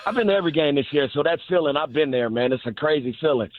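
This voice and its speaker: A man calling in to a sports radio show, telling an animated story full of laughs. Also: fairly high pitch, fast. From Chicago South Side. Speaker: caller. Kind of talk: excited phone call. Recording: tinny phone line.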